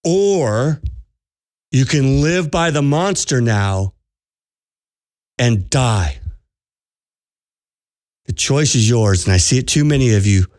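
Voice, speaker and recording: A man speaks earnestly as a podcast host and spiritual coach, pressing his points with urgent repetition. His voice sits at an ordinary middle pitch. The recording is dry and close, with no room sound. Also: animated, slow pace, long pauses, a little mellow, dry recording. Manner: earnest, urgent, repeats phrases for emphasis. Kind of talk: preached monologue to listeners.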